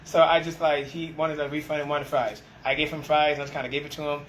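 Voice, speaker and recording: Animated man telling work stories. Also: a little high, fast, slight background noise, rough recording. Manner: animated storyteller, acts out quoted exchanges. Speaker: restaurant team leader. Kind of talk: casual conversation.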